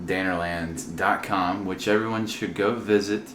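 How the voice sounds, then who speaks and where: A man hosts a casual comedy podcast in a very low, deep voice. He jokes around loosely, full of fillers and restarts, and the sound carries the echo of a room in a house with a faint hiss behind it. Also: steady tone, a little slow, fairly bright tone. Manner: joking, with frequent filler words and restarts. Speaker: podcast host. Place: a friend's house.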